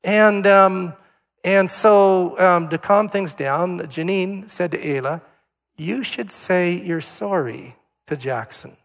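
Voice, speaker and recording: Older man, pastor, sermon, chatty with ums, slightly high voice, long hall echo. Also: slow pace, gravelly. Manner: conversational, anecdotal, with fillers.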